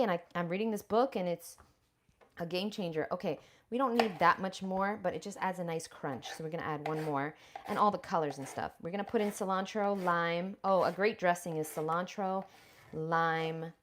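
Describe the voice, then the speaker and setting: With a voice on the low side and a little hiss or hum behind it, this woman livestreams from her home kitchen. She's a raw vegan lifestyle vlogger, chatting bluntly and profanely and speaking directly to viewers while preparing food.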